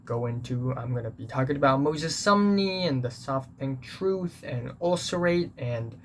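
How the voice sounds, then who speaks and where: A man of middle pitch speaks in a casual, earnest review style, stopping often to hunt for words. A faint hiss of noise sits under his voice. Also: lively intonation, unhurried. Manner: hesitant, many fillers and restarts, earnest. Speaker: music reviewer. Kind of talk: casual spoken album review.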